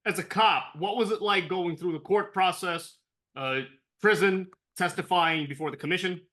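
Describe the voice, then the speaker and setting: A man interviewing a guest, asking brief, measured questions. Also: high-pitched, bright, forceful tone.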